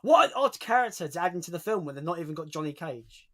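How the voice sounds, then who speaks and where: A man's voice: a little high, big pitch swings, fast, a crowd in the background. A young man hosting a livestream in casual chat, reading out viewer comments as he talks. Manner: chatty, reads out viewer comments. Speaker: livestream host.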